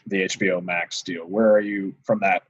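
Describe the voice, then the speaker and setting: A man with a low, husky voice hosting a casual interview, asking rambling questions and quickly backing up his guest with short agreements. The sound is dull and lo-fi, in a dry room. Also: little pitch movement, no room sound. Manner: affirming, frequent short agreements. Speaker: interviewer, podcast host.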